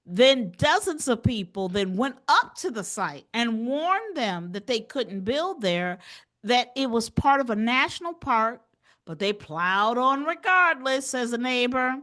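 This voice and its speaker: Woman cohost, bright voice, slow and bouncy, laughs a lot. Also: fairly high pitch. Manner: animated, laughs often, tries silly accents. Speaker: co-host. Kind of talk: comedic news chat.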